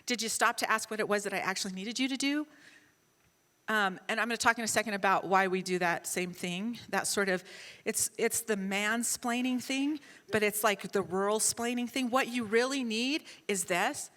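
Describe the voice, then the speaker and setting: A middle-aged woman on a conference panel, telling a story in an animated, self-mocking way and acting out the dialogue. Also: medium pitch, moderate pace, big-room sound. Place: large conference hall.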